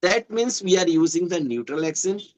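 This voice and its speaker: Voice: mid-range voice, animated, normal speed, a little mellow, poor audio. A speaker with an Indian English accent explaining earnestly in casual conversation practice, repeating points. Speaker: conversation partner.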